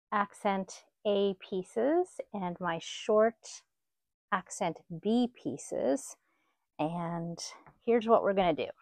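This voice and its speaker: Slow-talking woman teaching quilting. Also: medium pitch, no room sound. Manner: relaxed, step-by-step instruction. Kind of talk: sewing tutorial.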